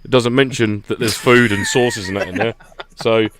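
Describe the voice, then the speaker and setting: A man's voice: mid-range voice, huge pitch swings, moderate pace, background noise. A man on a podcast, ranting in a jokey way about his gear and laughing often. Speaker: podcast co-host. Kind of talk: casual chat.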